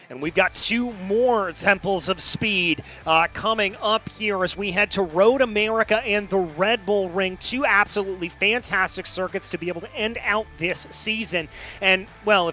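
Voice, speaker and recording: A man's voice: sits high, bright, forceful tone. A man hosting an online racing broadcast, upbeat and rattling off championship standings. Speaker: sim racing commentator. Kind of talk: play-by-play broadcast commentary.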